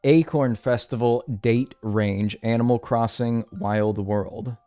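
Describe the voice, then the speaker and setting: A man's voice: mid-range voice, steady tone, takes it slowly, dark tone, no echo, faint music behind. A man chatting casually on a live stream, rambling and joking at his own expense. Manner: rambling, joking, self-mocking.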